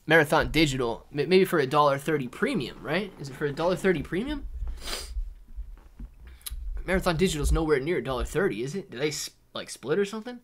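Male stream host, casual chat, reads out and answers viewer comments, says dude and man. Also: on the high side. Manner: loose and chatty, calls viewers dude and man. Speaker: livestream host.

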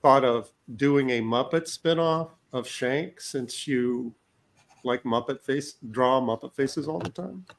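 A man's voice: medium pitch, creaky. A man on a drawing stream reading viewer questions aloud in casual chat. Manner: unhurried, reads viewer comments.

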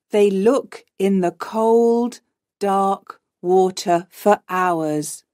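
Woman narrator for learners, clear and unhurried, dry close sound. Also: mid-range voice, mellow, no echo. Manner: slow, clear, simple reading. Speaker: audiobook narrator. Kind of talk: graded reader narration for learners.

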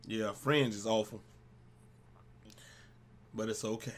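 A young man giving casual gameplay commentary with friends, joking, swearing a lot and breaking into loud yells when the action picks up. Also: fairly low pitch, steady tone, takes it slowly. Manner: swears a lot and breaks into yelling mid-game; jokey, trash-talking banter. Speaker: gaming commentator.

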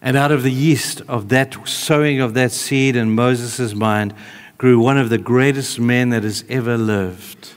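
A male preacher tells a story during a sermon with lots of animation, shifting between hushed and raised delivery. His voice is mid-range, his pace measured, and the sound carries the feel of a big room.

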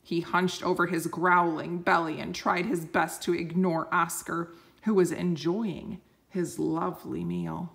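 A woman reading a picture book aloud slowly and gently, explaining words for children. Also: fairly low pitch, little pitch movement, creaky. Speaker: storyteller.

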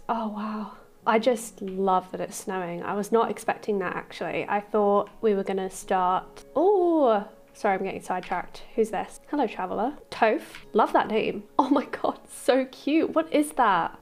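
A woman hosting a casual let's-play, gushing and excitable, with squeals of delight and soft murmurs as she explores. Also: medium pitch. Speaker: gaming channel host.

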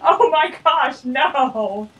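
A woman's voice: sits high, animated, very slow, fairly bright tone, distant mic, muffled recording. A young woman joining casual gaming commentary as a co-host, swearing and laughing at her own klutziness. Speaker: co-host friend.

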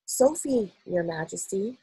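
A woman reading aloud, voicing a polite little girl who answers softly and calmly. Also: mid-range voice, a little slow, slightly rough, exaggerated voice, rough recording. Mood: timid. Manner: soft-spoken and respectful.

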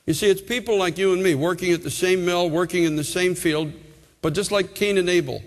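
A man's voice: high voice, fairly quick. An older man preaching a sermon as a pastor, impassioned and urgent, often repeating his words as he builds up. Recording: long reverb of a large hall.

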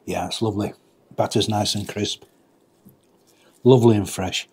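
A man's voice: on the low side, fairly even intonation, normal speed, a little mellow, a little hiss or hum. A middle-aged man, chatting casually to viewers as his mates while reviewing a pub meal on camera. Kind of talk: casual food review vlog. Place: pub dining area.

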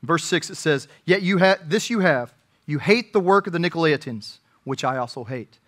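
A man preaching to his congregation in a fairly high voice. His delivery is earnest, building to emphatic, raised moments and then dropping to hushed, personal remarks. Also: animated, normal speed. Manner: earnest preaching, rising to emphatic peaks and dropping to quiet asides. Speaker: pastor. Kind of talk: sermon.

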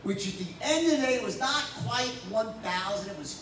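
A man running a live sales training, telling stories in a blunt, animated way with frequent "right?" and swearing, at a whiteboard. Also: sits high, moderate pace, slight background noise. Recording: roomy echo from a distance.

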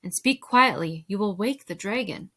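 A wise older master painter speaks with calm, measured authority as a woman reads him aloud. The tone is bright in a storybook reading. He sounds dry and quietly scornful. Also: medium pitch, breathy edge.

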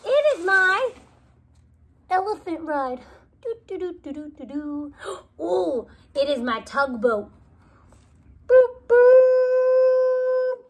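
A woman voicing an excitable, playful young rabbit who shouts sound effects and pretend games in a children's storybook reading. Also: high-pitched, slow pace, exaggerated voice. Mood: excited, playful.

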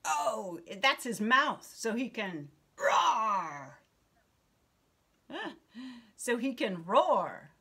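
A young woman teaches a child over a video call. She speaks slowly and warmly, and her bright, slightly breathy voice swings up and down in pitch to praise and encourage. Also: big pitch swings. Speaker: online English teacher. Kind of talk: online lesson with a child.

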